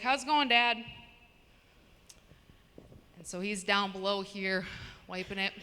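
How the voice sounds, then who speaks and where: A woman's voice: medium pitch, pushed and bright, clear, resonant tone. A woman doing a stand-up comedy set, chatting with the crowd between stories. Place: comedy show venue. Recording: long reverb in a hall.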